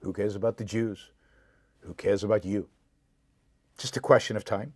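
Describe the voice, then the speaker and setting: A man's voice: fairly low pitch, steady tone, moderate pace, a little mellow, slightly rough, no echo. A man hosting a live political commentary show, speaking with impassioned indignation and answering viewer comments directly. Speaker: show host.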